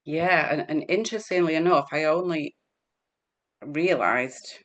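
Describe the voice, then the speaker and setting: A woman's voice: low-pitched, a little slow. A middle-aged English woman chatting as an interview guest, rambling and laughing often. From England. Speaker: guest healer. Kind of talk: casual chat.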